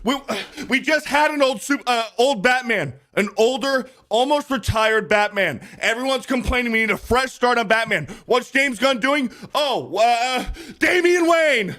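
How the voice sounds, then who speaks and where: A man's voice: extremely high pitch, lively intonation, unhurried, hardly any pauses, sharp tone. A man who is a guest on a podcast, delivering an angry, profane, emphatic rant in casual chat.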